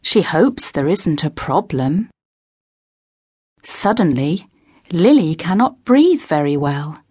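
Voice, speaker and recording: Slow, expressive woman narrator. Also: deep voice, no echo. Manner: slow, clear, expressive reading. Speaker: audiobook narrator. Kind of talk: scripted narration for language learners.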